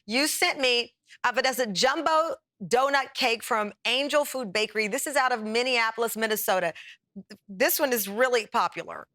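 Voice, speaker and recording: A woman's voice: fairly high pitch, normal speed, sharp tone. A woman hosting a daytime talk show, chatty and enthusiastic as she tastes and praises food. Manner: chatty and enthusiastic, laughs while tasting food. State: talking with mouth full at times.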